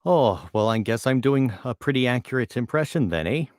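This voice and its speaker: A man's voice: medium pitch, expressive, moderate pace, a little mellow, no room sound, clean studio sound, voice pushed up, close to an everyday voice. A man doing an exaggerated Minnesota accent, joking and ending lines on "eh". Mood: jokey. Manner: jokey, drawling, ending lines on eh. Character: man in a broad upper-Midwest accent. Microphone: home microphone.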